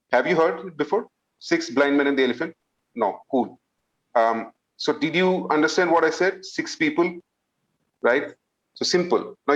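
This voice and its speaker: A man's voice: fairly high pitch, highs cut off. A man hosting an improv show, telling a story with acted voices and explaining the game, checking in often with the audience. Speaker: improv host.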